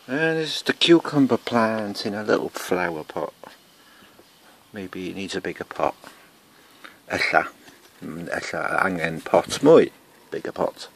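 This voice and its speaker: Slow gravelly Welsh man in his garden. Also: low-pitched, a little hiss or hum. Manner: slow rambling chat, mutters to himself; switches between English and Welsh. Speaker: gardening vlogger. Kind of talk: casual garden walk-through. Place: outdoor garden. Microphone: handheld camera or phone.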